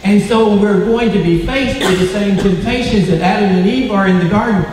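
A man delivers a sermon in a high-pitched voice, swelling on key phrases and dropping low at the ends. He stumbles over a word now and then. The sound comes from far off in a booming, reverberant hall. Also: moderate pace, a little mellow, slight background noise. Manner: preaching with emphatic rises and drops, stumbles over words. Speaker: pastor.

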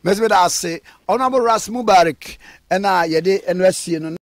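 A man with a Ghanaian accent hosting a radio interview, talking in an animated way and mixing languages. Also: sits high, normal speed, no room sound, studio quality. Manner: animated, switches between languages. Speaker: radio host.

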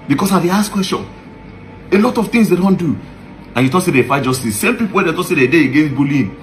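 A man with a Nigerian accent, ranting combatively in a video monologue and mixing Pidgin with English. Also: medium pitch.

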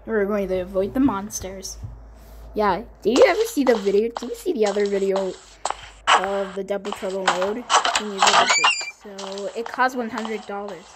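A woman's voice: mid-range voice, normal speed. Jumpy swearing young woman gamer, noisy mic. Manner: jumpy, swears a lot, shrieks when startled. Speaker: gamer playing a horror game. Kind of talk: let's play commentary. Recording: loud background noise, mic clicks.

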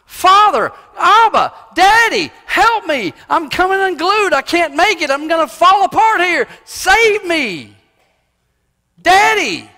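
A man's voice: extremely high pitch, sing-song, normal speed, pushed and bright, pitched above the performer's own voice, heavily acted. A man voicing an anguished man who cries out desperately in prayer to his father. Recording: long reverb of a church hall.

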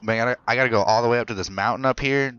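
Excitable young man playing a game. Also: mid-range voice, racing, clean tone, no echo, muffled recording. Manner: excitable, profane, talks back to the game characters. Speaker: gaming channel host. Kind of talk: casual gameplay commentary.

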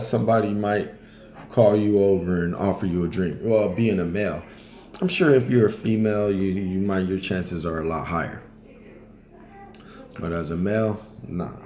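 A man casually telling travel stories in a loose, colloquial way, now and then acting out other people in high voices. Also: mellow. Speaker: travel storyteller. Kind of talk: casual storytelling.

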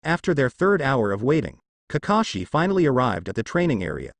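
A man narrating a fan fiction story in a lively storytelling way. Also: brisk. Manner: lively storytelling, varies pitch for dialogue.

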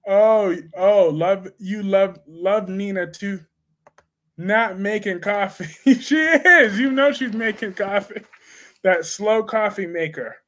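A young man with a high voice hosts a soap opera live stream, reading viewer comments aloud and reacting loudly with sudden bursts of excitement. He talks slowly but stays animated, laughing and using loose, slangy language.

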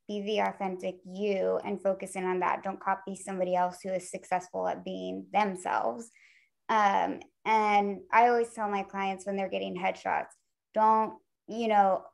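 A woman guest in an interview, speaking in an earnest, encouraging way as she gives career advice. Her voice sits in a middle pitch with a gravelly, fry-tinged edge. She loosens her points with casual fillers. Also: a little mellow. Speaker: talent manager, guest.

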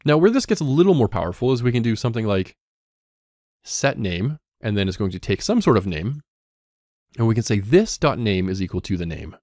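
A man's voice: a little fast, dry recording, studio quality. A man teaching a coding lesson, explaining step by step and reading code aloud as he types. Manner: lively ups and downs in pitch. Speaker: coding instructor.

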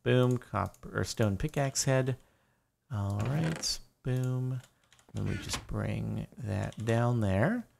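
Young dude gaming commentary, kinda creaky voice, rambly and then freaking out. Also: male voice, medium pitch, takes it slowly, slight background noise. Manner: chatty, jumps to panicked yelling. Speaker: gaming YouTuber. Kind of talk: live Minecraft commentary.

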